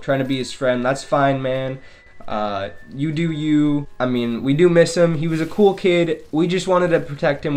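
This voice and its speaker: Young man telling a story over music. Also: medium pitch. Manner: casual, swearing, repeats himself. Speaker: storytelling vlogger. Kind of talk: casual storytelling.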